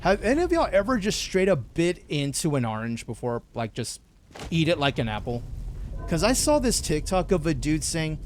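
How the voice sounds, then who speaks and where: A man's voice: a little high, big pitch swings, moderate pace, a little hiss or hum. A young man streaming a video game, chatting casually and slangily with viewers, swearing and reacting to the game. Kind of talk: live gameplay commentary.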